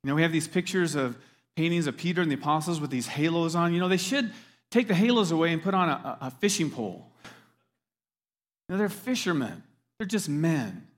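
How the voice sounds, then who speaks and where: Man, pastor, sermon, conversational, emphatic, audience questions, slightly high voice. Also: expressive, a little fast.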